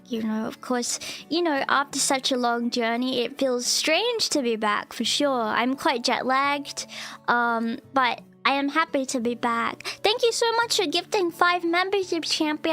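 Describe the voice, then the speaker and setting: A woman's voice: high voice, fairly bright tone. A woman VTuber streamer in casual live-stream chat, giggly and gushing, often repeating herself.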